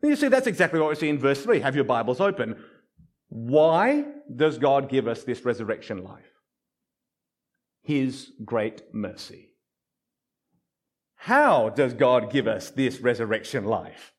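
Male preacher mid-sermon, lively swoops in pitch, hammers phrases by repeating them. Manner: emphatic repetition, drops low and slow on key phrases. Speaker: pastor.

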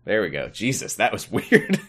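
A man's voice: lowish voice, huge pitch swings, moderate pace, a bit bright, a little hiss or hum. Wry, swearing man hosting a podcast. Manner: wry, swears casually, laughs often. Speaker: podcast co-host. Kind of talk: casual podcast chat, reading sponsor thanks.

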